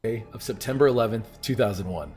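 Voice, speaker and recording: A man's voice: lowish voice, animated, brisk, darkish tone. A man in his thirties narrates from a script in an earnest storytelling way, often turning to ask his viewers what they remember. Faint music plays underneath his voice. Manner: earnest, storytelling delivery with direct questions to viewers. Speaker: video narrator.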